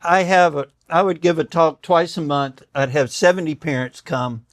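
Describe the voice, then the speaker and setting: Fairly high in pitch and moderate in pace, an older man who is a doctor and guest recounts stories conversationally. He voices the characters animatedly and becomes tearful. The sound is clean studio audio without echo.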